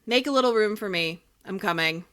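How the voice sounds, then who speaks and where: A woman's voice: mid-range voice, animated, fairly quick, a bit bright, smooth, close to an everyday voice. A woman voicing an earnest young wooden puppet boy in a storybook reading.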